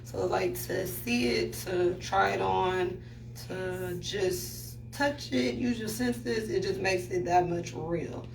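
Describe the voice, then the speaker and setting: A woman's voice: mid-range voice, takes it slowly, gravelly. A woman giving an earnest, emphatic testimony in casual talk on camera. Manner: earnest, emphatic, faith-filled. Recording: echoey room, far from mic, humming noise.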